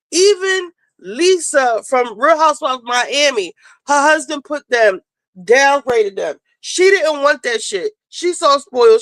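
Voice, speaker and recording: Female host, high voice, dry close sound, blunt and profane, casual commentary. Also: no echo, poor audio. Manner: blunt, profane, fast-talking, animated. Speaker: show host. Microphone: home streaming setup.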